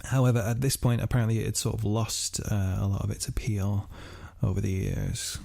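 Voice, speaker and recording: A young podcast host with a gravelly, darkish tone tells a murder case in loose, casual chat. He fills gaps with "uh" and "um" and swears freely. The sound is dry and close. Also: lowish voice, lively intonation, moderate pace, dark tone, dry recording. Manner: swears freely, many fillers, laughs while telling. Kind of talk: casual true-crime chat.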